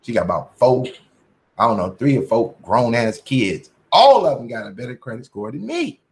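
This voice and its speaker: A man's voice: mid-range voice, sing-song, normal speed. A man hosting a casual commentary livestream, talking in a profane, preachy, motivational way. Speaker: channel host.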